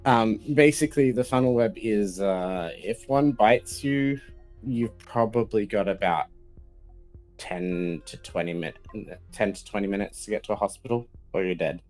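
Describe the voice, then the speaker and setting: A man chatting casually on a stream, halting and full of fillers. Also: on the low side, darkish tone, faint music behind. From Australia. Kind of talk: casual chat.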